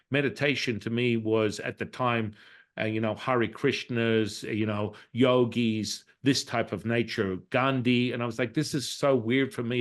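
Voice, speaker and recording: A man, a Taoist priest and healer, telling a reflective personal story in a casual interview and acting out the dialogue in it. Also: medium pitch. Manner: reflective, acts out quoted dialogue in his story; frequent restarts and fillers.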